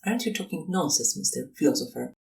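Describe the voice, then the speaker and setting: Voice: mid-range voice, expressive, fast, gravelly, a little mellow, distant mic, poor audio. A reader voicing a stern, grieving old colonel who speaks solemnly and mournfully, in an audiobook reading. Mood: questioning.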